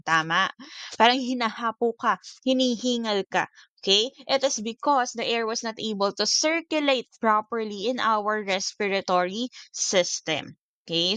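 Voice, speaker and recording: A woman's voice: medium pitch, a bit bright, smooth, no room sound. A woman teacher with a Filipino accent giving a recorded lecture, switching between languages and checking in with "okay?" after most points.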